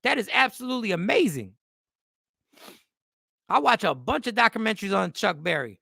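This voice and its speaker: Gravelly animated male radio host. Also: high voice, normal speed, no room sound, clean studio sound. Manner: animated, joking, then earnest. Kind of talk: casual radio talk.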